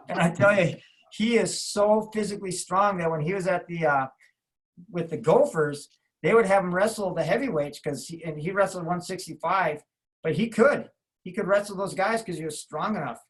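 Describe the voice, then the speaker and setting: A man's voice: high voice, moderate pace, rough recording. A man in his fifties, a martial arts coach on a podcast, telling rambling anecdotes with restarts and acting out other people's lines. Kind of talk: casual storytelling.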